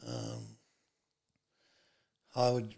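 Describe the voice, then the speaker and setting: A man's voice: a bass voice, very animated, drawn-out words, gravelly, dark tone, breathy edge. A middle-aged man, a comedian telling stories as a podcast guest in a rambling way, full of fillers and restarts. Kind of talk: casual interview chat.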